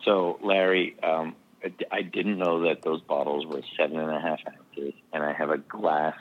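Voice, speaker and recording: A man, chatting casually as a podcast co-host, swearing freely and filling pauses with ums. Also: a bass voice, little pitch movement. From Canada. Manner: casual and profane, full of ums and restarts. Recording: dull lo-fi recording.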